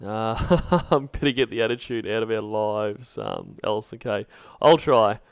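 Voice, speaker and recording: A man hosting a livestream, laid-back, greeting viewers by name with many pauses. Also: lowish voice, big pitch swings, clear, resonant tone, dry recording, lo-fi sound. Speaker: livestream host. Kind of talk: casual stream chat.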